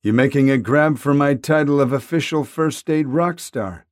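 A man's voice: a little high, normal speed, dry recording, studio quality, voice pushed up, close to an everyday voice. A man voicing a blunt, complaining teenage boy in a storybook reading. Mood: irritated. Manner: gruff, complaining. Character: teenage boy, self-styled first aid leader, blunt.

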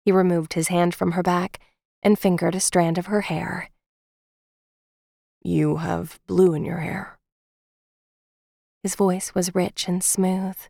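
A woman's voice: fairly low pitch, vocal fry, darkish tone, no room sound, studio quality. A woman reading a romance novel aloud as an audiobook narrator, telling the story expressively. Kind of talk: scripted narration.

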